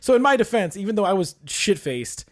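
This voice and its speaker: A man co-hosting a podcast, telling a long story in a casual, animated way with plenty of swearing. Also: high voice, brisk. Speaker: podcast co-host. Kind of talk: casual chat.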